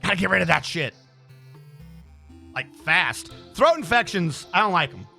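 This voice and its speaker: A man's voice: high voice, very animated, moderate pace, vocal fry, sharp tone, faint music behind. A male game streamer with a throat infection, chatting casually on a livestream and ranting with plenty of swearing. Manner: ranting, profane, exasperated.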